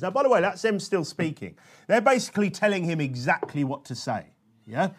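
A male preacher giving a sermon in a conversational way, often checking in with questions like "okay?" and slowing down to stress scripture. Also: sits high, sing-song, breathy edge. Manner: conversational, with frequent tag questions; slows and stresses quoted scripture.

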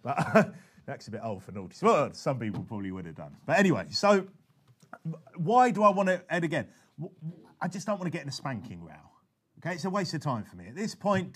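A man explaining how he shares his faith, in a chatty, animated way that keeps breaking off and starting again. His voice sits a little higher than most men's. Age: adult father. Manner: animated and chatty, with frequent restarts. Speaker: preacher teaching soul-winning. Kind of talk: conversational teaching talk.

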